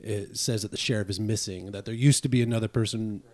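Lower-voiced man analyzing a film. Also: fairly even intonation, fast talker, a little mellow. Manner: analytical, hesitant with fillers. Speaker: podcast panelist. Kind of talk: casual film discussion.

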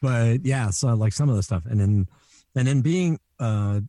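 A middle-aged man from Canada, a voice actor, telling animated stories in a casual interview and slipping into quoted voices. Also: medium pitch, measured pace, no room sound. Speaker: voice actor guest.

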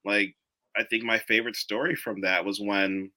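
A man who writes comics, talking casually as a guest, animated and quick to laugh, with many fillers. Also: on the low side. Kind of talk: casual conversation.

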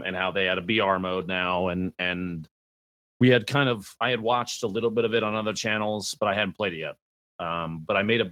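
A man, a guest streamer on a gaming podcast, telling animated stories and acting out quotes. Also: deep voice, dry recording. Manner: animated storyteller, acts out quotes. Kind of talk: podcast conversation.

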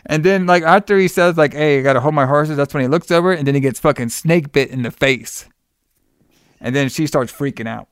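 A man recapping a movie in casual chat, animated, laughing and swearing often. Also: fairly high pitch, a little fast, clean tone, no room sound, clean studio sound.

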